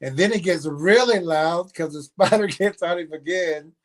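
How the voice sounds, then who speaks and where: A man's voice: on the high side, normal speed. Laughing man reacting to a clip. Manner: laughs often, repeats clips mockingly. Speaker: reaction stream co-host. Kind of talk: casual reaction commentary.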